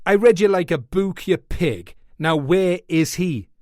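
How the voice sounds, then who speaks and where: A man's voice: sits high, expressive, unhurried, a little mellow, dry recording, studio quality, pitched above the performer's own voice. A man voicing a brutal, hot-headed police detective who talks harshly and with contempt. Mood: angry.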